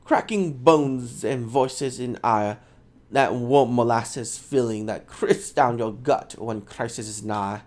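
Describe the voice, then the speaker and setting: A man's voice: mid-range voice, slow, darkish tone, close to an everyday voice. A man voicing a defiant woman spirit who shares an elf's body, in an attempted Scottish accent with a scornful, brash manner.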